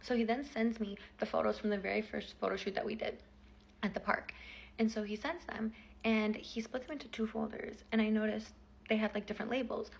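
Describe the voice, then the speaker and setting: A woman's voice: fairly high pitch, fairly even intonation, brisk, creaky. A woman in her twenties telling a personal story in a chatty, casual vlog style, full of fillers.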